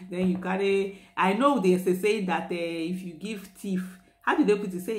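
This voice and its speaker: A woman's voice: mid-range voice, normal speed, hardly any pauses, echoey room. A Nigerian woman with a Nigerian accent hosting a newspaper review, talking through the headlines in a chatty, opinionated way, full of fillers and restarts and slipping into Pidgin. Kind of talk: casual spoken commentary on headlines.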